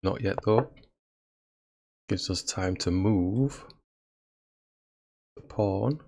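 Slow-talking man narrating chess. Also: low-pitched, dark tone. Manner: self-mocking, laughs at own blunders. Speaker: chess streamer. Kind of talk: casual live game commentary.

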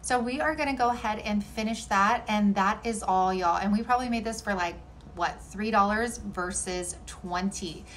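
A woman narrates a home decor DIY tutorial in a casual, upbeat and friendly way, frequently saying "y'all." Her mid-range voice is fairly bright and moves at normal speed, though the rough recording carries a little hiss or hum.

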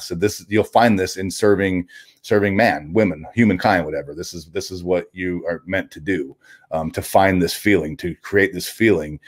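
A man being interviewed as a guest, telling a personal story candidly, halting often with restarts and casual swearing. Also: low voice.

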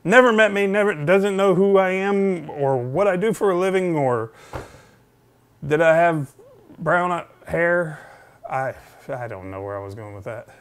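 A man telling a story in a casual vlog, excitable and animated, rambling into asides. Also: fairly high pitch, a little slow, clear, resonant tone. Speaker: vlogger.

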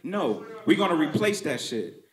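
A man's voice: on the high side, sing-song, moderate pace, roomy sound. A male stand-up comedian telling stories in a conversational, punchy, profane way. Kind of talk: stand-up storytelling.

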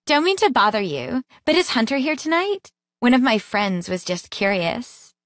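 A woman's voice: fairly high pitch, very animated, normal speed, no echo, studio quality, voice pushed up. A woman reading an audiobook, voicing a perky young woman of about twenty-two. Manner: perky, bright.

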